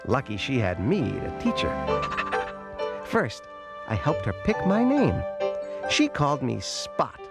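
A man reading a storybook aloud, voicing a lonely young male puppy who tells his own story in a gentle, lively way. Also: medium pitch, takes it slowly, vocal fry, pauses often, full character voice. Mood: warm storytelling. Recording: loud music playing behind.

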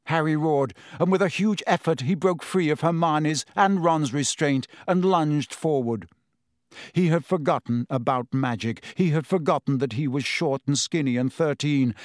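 A man reading an audiobook in a measured, dramatic storytelling manner. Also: fairly high pitch, no room sound, studio quality. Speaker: audiobook narrator. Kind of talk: scripted narration.

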